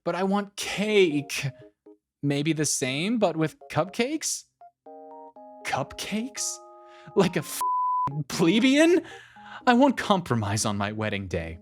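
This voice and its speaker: A man's voice: on the high side, very animated, measured pace, voice pushed up. A man voicing a demanding young bride who sobs and wails indignantly, with background music. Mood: indignant whining. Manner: wailing, indignant, dragged-out words. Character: shrill sobbing young bride, demanding and entitled.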